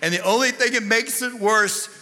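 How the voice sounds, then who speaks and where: A male pastor telling a funny story in a sermon, animated and comic, sometimes shouting the punchlines. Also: sits high, normal speed. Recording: long reverb of a large hall.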